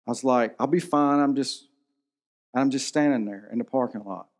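A man's voice: medium pitch, normal speed. A man in his thirties preaching a sermon in a church, telling a personal story in an earnest, emotional way. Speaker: pastor.

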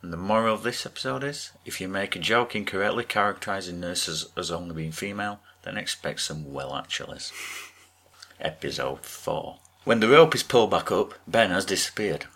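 A man co-hosting a podcast, recapping a TV episode with wry, deadpan asides. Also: sits low, moderate pace, vocal fry. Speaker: podcast co-host.

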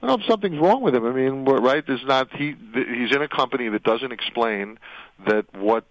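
A man's voice: mid-range voice, animated, fairly quick. A man hosting a radio interview as an attorney, walking his guest through her story with rambling leading questions that keep ending in "right?". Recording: dull radio audio.

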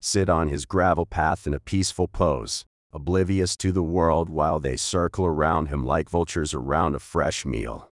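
A man narrating an audiobook in a steady, measured way. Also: extremely low pitch, no echo, studio quality.

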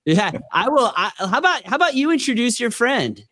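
A man's voice: very high voice, very animated, fairly quick, sharp tone, dry recording. A man hosting a talk show, teasing his guests in a playful way. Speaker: host.

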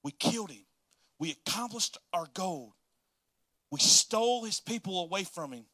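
Male preacher as a scheming, gloating devil; low, hushed taunts with a bright edge, brief sermon aside. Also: lively intonation, moderate pace, no room sound, heavily acted.

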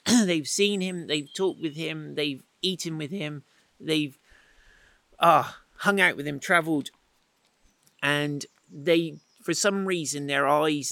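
Guy preaching outside in the wind, gravelly and kinda high, dry sound, casual joking asides. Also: a bit bright, dry recording, rough recording. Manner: chatty, playful retelling with asides. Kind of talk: informal Bible teaching. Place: outdoors in the wind.

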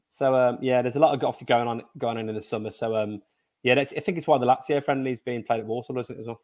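A middle-aged man co-hosting a casual football chat podcast, lively and jokey. His voice sits at an ordinary pitch for a man. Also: fast. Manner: animated, jokey, puts on silly foreign-player voices. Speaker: podcast co-host.

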